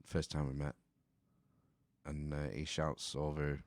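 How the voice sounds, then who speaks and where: A man's voice: very deep voice, monotone, slow, no echo, clean studio sound. A man, co-hosting a podcast and telling stories in laid-back, casual banter. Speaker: podcast co-host.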